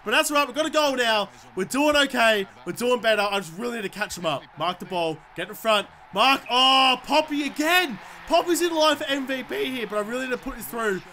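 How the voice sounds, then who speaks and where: High-voiced, excitable man gaming. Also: brisk, few pauses, slight background noise. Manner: excitable, swearing, shouting at the game. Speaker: gamer. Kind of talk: let's-play commentary.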